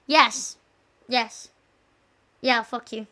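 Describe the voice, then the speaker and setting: A young adult woman streaming and chatting casually, loud, crude and joking, swearing often. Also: high voice, normal speed.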